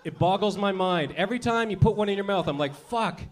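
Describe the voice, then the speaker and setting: A man's voice: high voice, fast talker. A man in his thirties doing profane stand-up comedy, working the crowd and laughing at his own jokes.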